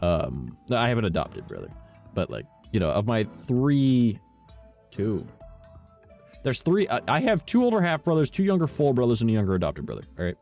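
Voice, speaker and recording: A man's voice: mid-range voice, wildly swooping pitch, moderate pace, a little mellow. Rambling young man swearing through stories. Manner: rambling storyteller, lots of "right?" and "all right?"; swears freely and laughs at his own stories. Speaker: streamer. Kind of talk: casual chat while gaming. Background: faint game music.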